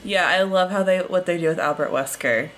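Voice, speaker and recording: A woman co-hosting a podcast, chatting casually about films and shows, animated, laughing often and swearing freely. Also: on the low side, a little fast. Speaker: podcast co-host.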